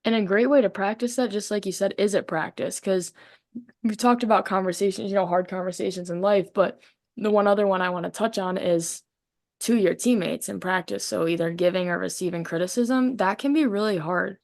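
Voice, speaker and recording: A young woman co-hosting a casual podcast chat, animated, acting out the voices of people she quotes. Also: medium pitch, brisk. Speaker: co-host, softball player.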